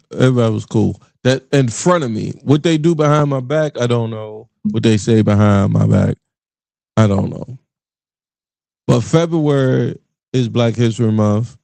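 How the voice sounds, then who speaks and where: In a casual podcast monologue, a middle-aged man from around Richmond, Virginia rants bluntly and profanely, animated and laughing along the way. He has a lowish, gravelly voice, recorded with no echo.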